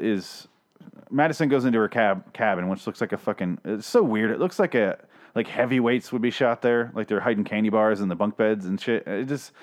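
A man recapping a TV episode in a casual, sarcastic, profane rant, often exasperated. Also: medium pitch. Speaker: podcast host reviewing a TV episode.

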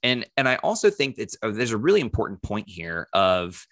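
A man's voice: on the low side, sing-song, fairly quick, fairly bright tone, no room sound. A man in casual podcast conversation, thoughtful and encouraging, with hesitant restarts.

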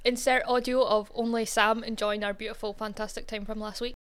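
Chatty woman with a higher voice. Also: flat delivery, fairly quick, over music. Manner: chatty, says "like" a lot. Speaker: podcast co-host. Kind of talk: casual storytelling chat.

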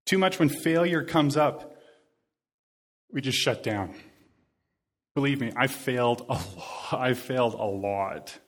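A man in his thirties preaches a sermon in an earnest, conversational tone. His voice sits at an ordinary middle pitch, and he likes to say a phrase several times over to drive his point home. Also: slow, pauses often.

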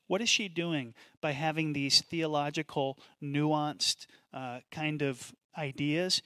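A man preaching a sermon as pastor, in an animated, conversational way with asides. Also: a little high, measured pace, hardly any pauses, clean tone, no echo.

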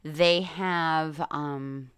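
A woman's voice: low voice, steady tone, extremely slow, fairly bright tone, clean tone, no room sound, clean studio sound. A middle-aged woman from New York, a coach hosting her own podcast, chatting casually and telling stories with plenty of fillers and the odd swear word.

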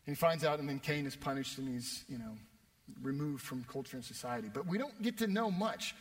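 A young man preaching a sermon, telling a self-deprecating story with animated delivery. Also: medium pitch, brisk. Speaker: pastor. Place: church worship space. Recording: long reverb of a church hall.

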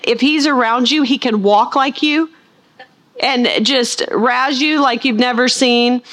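A woman preaching a sermon as a Bible teacher, putting questions to the listeners and answering them herself, slowing down to stress key words. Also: on the high side, a bit bright.

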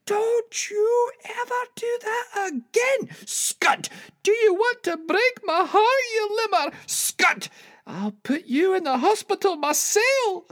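A woman voicing a tearful mother who scolds her son in a shrill, shouting voice. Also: expressive, slow pace, heavily acted. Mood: frantic. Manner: shrill, shouting through tears.

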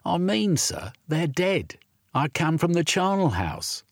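A man puts on a small runaway orphan boy in a storybook reading, his voice pitched up high and pleading, with a husky edge. The lad talks in earnest, ungrammatical street slang, lifting and dropping his tone a lot. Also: big pitch swings, takes it slowly, dry recording, studio quality, full character voice. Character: boy, young runaway orphan, cockney-tongued.

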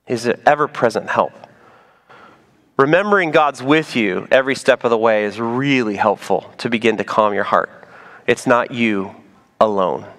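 A man preaching a sermon as pastor, animated and playful, dropping to soft emphasis on key points. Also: mid-range voice, normal speed.

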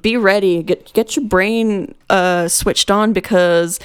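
A woman co-hosting a casual podcast, upbeat and quick as she chats. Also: medium pitch, fairly even intonation, clear, resonant tone, no echo. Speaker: podcast co-host.

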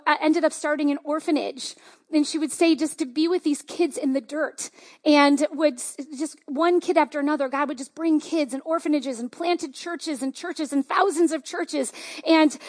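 A woman pastor giving a conversational, enthusiastic sermon with lots of fillers. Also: high-pitched.

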